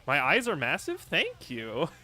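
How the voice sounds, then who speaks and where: Lively, bright-voiced man chatting casually. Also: fairly high pitch, slow pace. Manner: rambling, joking, lots of laughs and fillers; reads and answers viewer chat. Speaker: streamer. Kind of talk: casual livestream chat.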